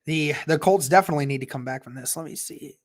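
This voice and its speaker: A fan host calling a football game play by play on a casual livestream, measured and often restarting sentences. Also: mid-range voice.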